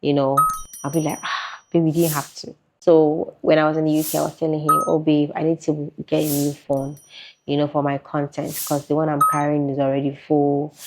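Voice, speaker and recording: A woman's voice: low-pitched, flat delivery, brisk, background noise. A woman with a Nigerian accent chatting casually in an interview, laughing often. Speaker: interviewee, content creator. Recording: muffled lo-fi recording.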